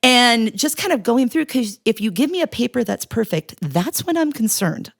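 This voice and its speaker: A woman, a writing professor and tutor, chatting casually on a podcast and telling lively stories. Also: a little high, normal speed, gravelly, no echo, studio quality. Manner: animated storyteller, puts on voices when quoting.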